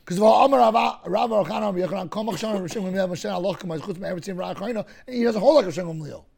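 A man teaching a Talmud class, explaining cases through lively hypothetical scenarios and often clearing his throat. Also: sits high, fast talker.

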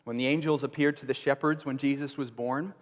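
A pastor preaching an earnest sermon, rising to emphatic bursts and dropping to low, quiet conviction. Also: male voice, steady tone, fairly quick, big-room sound.

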